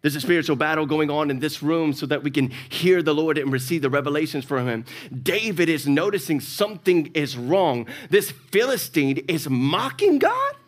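A male pastor with a Southern US accent, preaching a sermon and acting out the characters in his stories. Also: fairly high pitch. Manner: animated storytelling, acts out characters.

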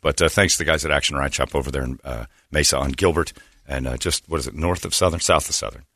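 A man's voice: very deep voice, quick pace, a bit bright, dry recording, clean studio sound. A man hosting a morning radio show, chatting casually and rambling through jokes and ads. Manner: rambling, joking, self-correcting.

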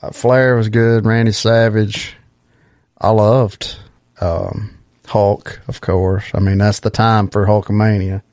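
Man, low pitch, casual host, halting fillers, dry room. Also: little pitch movement, darkish tone, dry recording. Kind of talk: casual chat.

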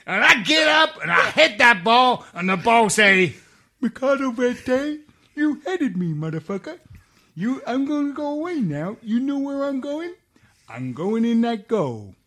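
A man doing a loud impression of a brash, swaggering young male footballer who boasts in slang. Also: extremely high pitch, voice pushed up, heavily acted.

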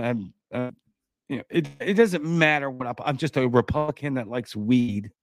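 A man hosting his own political talk show, ranting in a heated, sarcastic and blunt way, his pitch jumping up when he gets outraged. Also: no echo. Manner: blunt, insulting. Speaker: host of a political commentary show. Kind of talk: ranting commentary.

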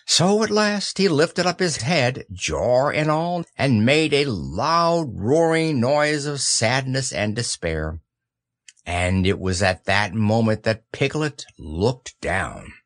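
A man narrating a children's audiobook with slow, expressive storytelling. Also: mid-range voice, no echo, clean studio sound.

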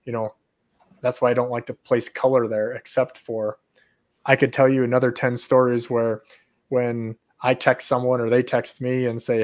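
A man who runs fishing charters, hosting a podcast and talking fishing in casual chat, animated and quick to repeat himself when excited. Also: medium pitch.

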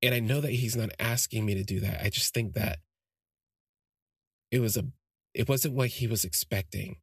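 A man's voice: on the low side, normal speed, husky, dry recording, studio quality. A man hosting a podcast, telling a personal story in a rambling, heartfelt way with many fillers and restarts. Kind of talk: casual spoken storytelling.

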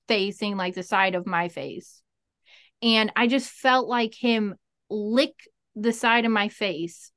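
Interview guest: blunt, animated, foul-mouthed woman, mid-pitched voice, dry close sound. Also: clear, resonant tone, no echo. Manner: frank, profane, animated. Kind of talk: casual storytelling.

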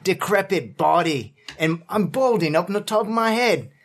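A man playing a sheepish, balding male high school teacher in a tabletop game, hesitant and full of ums and uhs. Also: expressive, normal speed. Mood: doubtful. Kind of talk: improvised tabletop role-play.

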